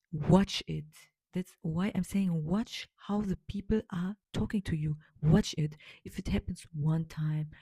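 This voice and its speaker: A woman's voice: lowish voice, dark tone, no room sound. A woman hosting a solo podcast, speaking as an in a rambling, emphatic way with many fillers and repeated words. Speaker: podcast host. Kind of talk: casual solo podcast monologue.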